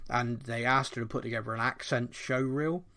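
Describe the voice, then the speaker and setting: A middle-aged man from Bristol with a mild Bristolian accent, co-hosting a podcast in a rambling, animated casual chat. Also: mid-range voice, normal speed. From Bristol, England. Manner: animated, rambling, thinks aloud. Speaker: podcast co-host.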